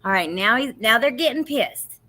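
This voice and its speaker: A woman's voice: fairly high pitch, animated, moderate pace, pushed and bright. A woman streaming commentary on interrogation footage, reading viewers' names and reacting with outrage. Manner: outraged, talks to viewers in chat. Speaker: true crime streamer.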